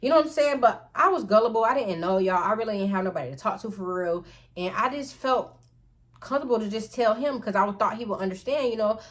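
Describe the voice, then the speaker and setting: A woman's voice: mid-range voice, fast. A woman telling a casual, profane storytime straight to her viewers. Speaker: storytime vlogger.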